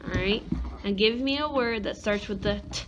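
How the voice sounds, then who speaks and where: A woman's voice: mid-range voice, moderate pace, background noise. A woman teacher giving a one-on-one phonics lesson, patiently sounding out letters and words.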